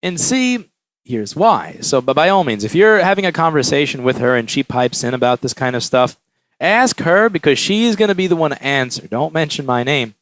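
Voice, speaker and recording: A man who runs a repair shop, talking casually in an animated storytelling way and acting out quotes. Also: on the high side, normal speed, dry recording. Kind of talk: casual vlog monologue.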